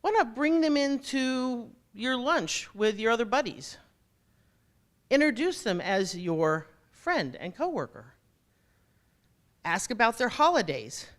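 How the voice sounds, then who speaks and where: Woman keynote speaker, lively swooping pitch, jokey, talks straight to the audience. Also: slow pace. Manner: animated, jokey, addresses audience directly. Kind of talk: motivational keynote talk.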